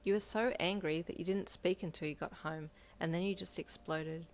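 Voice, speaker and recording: A woman narrating a second-person fanfiction romance, steady and gentle. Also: on the low side, normal speed.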